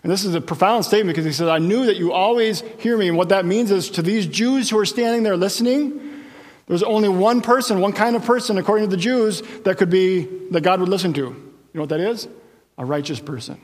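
A man preaching a sermon as pastor, telling the story with lively asides and jokes. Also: high-pitched, quick pace, big-room sound.

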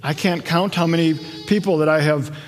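A man's voice: on the high side, steady tone, fairly quick, big-room sound, faint music behind. A man preaching a conversational, earnest sermon as a pastor, often restarting and rephrasing his thoughts.

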